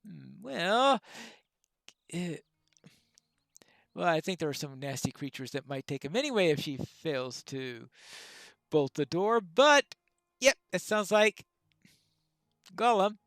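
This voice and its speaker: A woman's voice: fairly low pitch, sing-song, creaky, no echo. A woman hosting a game playthrough with chatty, wry commentary. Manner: chatty, wry asides, drawn-out musing. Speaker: let's-play host. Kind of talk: casual gameplay commentary.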